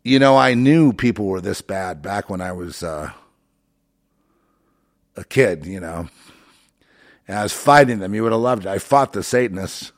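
A man talking as a show host in a rambling monologue, emotional and full of fillers, swinging between loud outbursts and low mutters. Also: lively intonation, normal speed, long pauses. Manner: many fillers and restarts.

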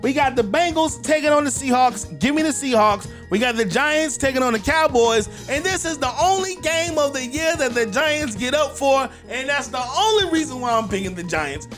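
A man's voice: extremely high pitch, lively intonation, moderate pace, few pauses, a bit bright, soft background music. A man hosting a sports podcast, giving his football picks in a brash, punchy, repetitive way. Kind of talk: solo sports picks commentary.

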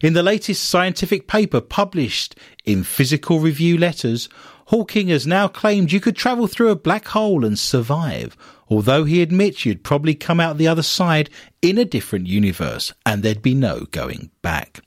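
Man hosting with lively wry banter. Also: on the high side, normal speed, no echo, studio quality. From Britain. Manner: wry, teasing, reads stories aloud with quips. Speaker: podcast co-host. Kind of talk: jokey news-reading podcast banter.

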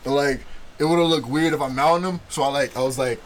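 A man's voice: a little high, fairly quick, noisy background. A young man telling a fight story in casual chat, laughing often and acting out voices.

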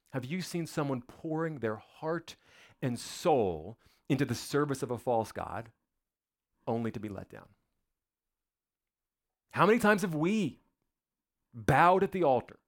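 Emphatic male preacher with a lively voice. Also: mid-range voice, creaky. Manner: dramatic, emphatic, with rhetorical questions and repetition. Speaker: pastor. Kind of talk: sermon.

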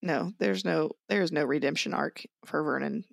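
A woman co-hosting a faith podcast, talking in an animated, quick way and laughing often. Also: low-pitched, vocal fry, no echo, studio quality. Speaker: podcast co-host. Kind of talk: casual chat.

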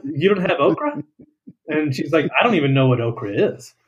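A young adult man, a dietitian guest in a casual interview, telling relaxed stories and laughing as he goes. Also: on the high side, fairly quick, lo-fi sound. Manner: relaxed storyteller, laughs while telling anecdotes.

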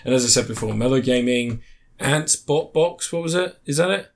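A man's voice: medium pitch, expressive, normal speed, vocal fry. A man hosting a podcast, chatting casually and rambling, swearing freely and telling stories. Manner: rambling, profane, retells scenes with silly voices. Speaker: podcast host. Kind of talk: casual chat.

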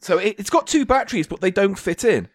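A man's voice: high-pitched, very animated, quick pace, dry recording, studio quality. A man from England co-hosting a comedy podcast, bantering playfully and swearing freely, sometimes slipping into silly voices. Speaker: podcast co-host.

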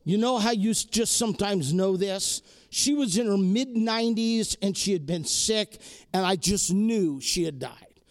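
A man's voice: sits high, unhurried. A man giving an inspirational talk to a live audience, telling a personal story with emphatic repetition. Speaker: speaker addressing an audience.

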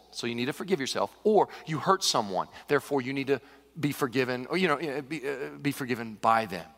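A man preaching a sermon as pastor, animated and conversational with touches of humor. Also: mid-range voice. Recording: long reverb of a large hall.

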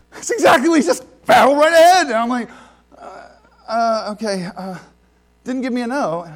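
A male pastor with a creaky, mid-range voice preaches in a conversational way. He keeps restarting his sentences and swings suddenly between soft and loud.

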